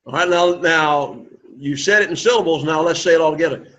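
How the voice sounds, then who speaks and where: A man teaching Greek to a class, coaxing students and repeating words slowly for pronunciation. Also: fairly high pitch, fairly bright tone, dull audio. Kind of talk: classroom lesson.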